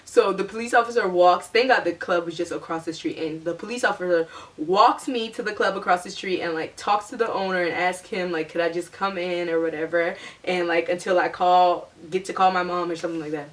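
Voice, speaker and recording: A young adult woman telling a personal story to her viewers in a chatty, animated way, with lots of "like". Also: fairly low pitch, fairly quick, recorded from a distance. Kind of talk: casual storytime monologue.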